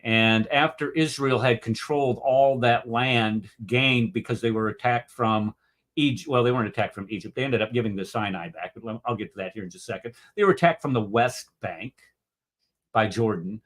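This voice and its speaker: A man's voice: mid-range voice, normal speed, a bit bright. A man from the United States hosting a show, giving emotional, sarcastic commentary on a video he is critiquing. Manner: emotional ranting; sarcastic, indignant. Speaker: host.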